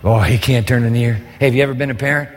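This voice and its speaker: Speaking fast in a medium-pitched voice with fairly even intonation, a pastor delivers an impassioned sermon, pleading and questioning his listeners rhetorically. Slight background noise mixes with the long reverb of a large hall.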